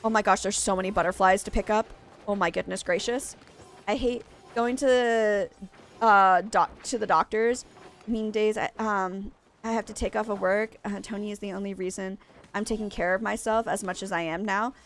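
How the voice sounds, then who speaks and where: Streaming a game live, a young adult woman keeps up a rambling, casual chat, full of exclamations and false starts. She speaks at a moderate pace in a medium-pitched voice with fairly even intonation.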